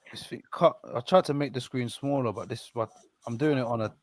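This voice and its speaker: Brief: easygoing male co-host, mid-pitched, short wisecracks. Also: brisk, darkish tone, no room sound. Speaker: stream co-host. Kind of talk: casual reaction commentary.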